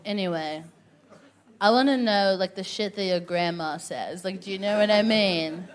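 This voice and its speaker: A woman hosting a stand-up show, doing animated crowd work with plenty of laughter. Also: medium pitch, moderate pace. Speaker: comedy host. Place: comedy club stage.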